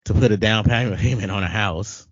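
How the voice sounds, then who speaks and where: A man with a low voice tells a rambling personal story on a casual podcast. He repeats words as he goes and laughs often. The sound is dry and slightly dull. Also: moderate pace, husky, no room sound. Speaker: podcast co-host.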